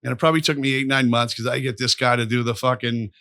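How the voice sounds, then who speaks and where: A man appears as a podcast guest in a casual interview, telling rambling, profane stories as an animated storyteller. His voice sits in the mid range, he talks quickly, and the recording is dry.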